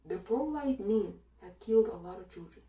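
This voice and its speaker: A woman delivers a blunt, sardonic monologue with a dark, mellow tone. Her voice sits a little back from the mic. The room gives it an echoey ring. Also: medium pitch, lively intonation, moderate pace, dull audio. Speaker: commentator. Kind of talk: opinion monologue. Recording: roomy sound from a distance.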